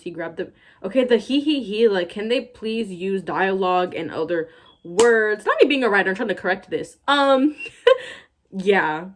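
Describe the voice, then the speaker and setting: Woman YouTuber, slightly low voice, reads fan fiction aloud with sarcastic asides.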